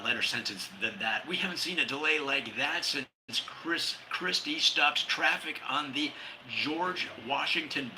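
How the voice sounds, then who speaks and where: A man hosting a humor podcast, reading his jokes and a comic essay, laughing at his own lines and jumping up in pitch for quoted characters. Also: bright, forceful tone, slight background noise, poor audio.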